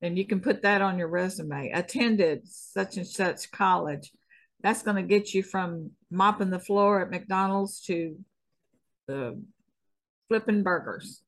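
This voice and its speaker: A middle-aged woman with a Southern US accent, a stunt woman chatting as a guest in an easygoing, folksy way with frequent chuckles. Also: lowish voice. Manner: unhurried, folksy, chuckles often. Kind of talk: casual interview chat.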